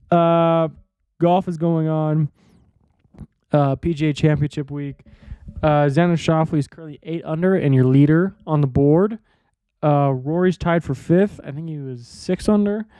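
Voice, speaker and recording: Man, podcast host, casual rambling talk, swearing, slightly high, smooth voice. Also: normal speed, warm tone, no room sound. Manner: rambling, profane, offhand. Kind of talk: casual sports podcast monologue.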